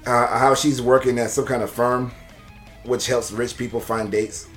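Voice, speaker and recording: Male podcast co-host, mid pitch, loose rambling recap with faint guitar music underneath. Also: level tone, normal speed. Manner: rambling, laughs often, swears casually. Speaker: podcast co-host reviewing a movie. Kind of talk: casual chat.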